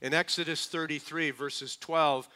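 A man preaching a sermon to a congregation, asking them questions and swinging between hushed, quick asides and slow, emphatic lines. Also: on the high side, fairly even intonation, clear, resonant tone. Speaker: pastor.

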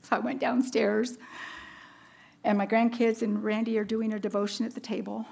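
A woman's voice: on the high side, little pitch movement, normal speed, creaky, a little mellow, husky. A woman in her fifties giving a personal testimony sermon, earnest and storytelling, laughing at herself along the way. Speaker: women's ministry speaker.

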